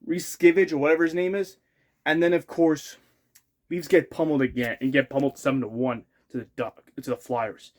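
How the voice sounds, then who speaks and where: A man's voice: a little high, steady tone, a little fast. A young man giving an unscripted, rambling sports rant, exasperated and full of restarts and outbursts. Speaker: hockey fan ranting on his channel.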